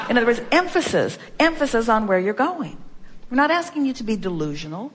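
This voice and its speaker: A woman's voice: a little high, big pitch swings, brisk, a crowd in the background. A woman delivering an inspirational seminar talk. She speaks as a collective "we" and plays with repetition, mixing earnest encouragement with light teasing.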